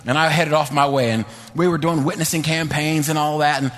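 A man's voice: on the high side, fairly even intonation, a little fast. A man preaching a sermon, telling a story with fervor and leading a prayer in a church. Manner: fervent storytelling, then quiet prayer. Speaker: pastor.

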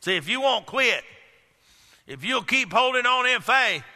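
A man preaches in a high, very bright voice, taking his time and pausing between phrases. He builds to shouts and asks the congregation questions. His voice rings with the long reverb of a large hall. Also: animated. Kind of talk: sermon.

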